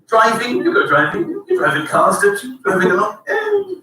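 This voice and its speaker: A man doing a stand-up routine, acting out voices and shouting punchlines. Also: sits high, sing-song, brisk. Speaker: stand-up comedian. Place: stage before a live audience. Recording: echoey distant stage recording with loud audience.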